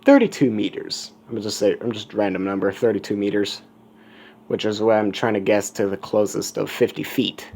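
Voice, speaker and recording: A man's voice: fairly low pitch, fairly quick, a little mellow. A man telling a fan story in a casual, rambling way, with self-correcting asides. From United States.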